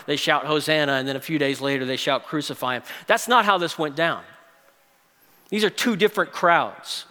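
Male pastor, bright and high-pitched, dynamic sermon delivery, long hall echo. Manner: dynamic preaching, swings from loud emphasis to hushed tones. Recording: echoey hall reverb.

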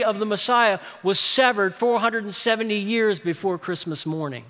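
A male pastor preaching a sermon, swinging from loud urgent peaks to hushed low asides. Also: normal speed, hardly any pauses, in a large hall. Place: church sanctuary.

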